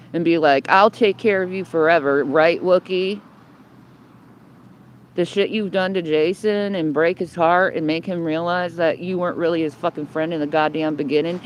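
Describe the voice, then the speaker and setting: A woman's voice: fairly low pitch, slight background noise. A woman speaks into her phone from the shelter of a building's overhang outdoors. She rants in a rambling, combative way, loading her talk with swear words and repeating phrases as she goes. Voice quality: heavy swearing, blunt and combative. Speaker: livestreamer. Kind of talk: homeless livestream rant. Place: outdoors under a building in the cold. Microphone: phone held by the speaker.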